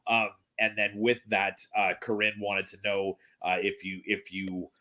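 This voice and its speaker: A man's voice: on the low side, level tone, a little slow, bright, forceful tone. A man hosting a podcast, chatting casually, often agreeing and reading out listener questions. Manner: agreeable, frequent affirmations. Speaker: podcast host. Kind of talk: casual chat.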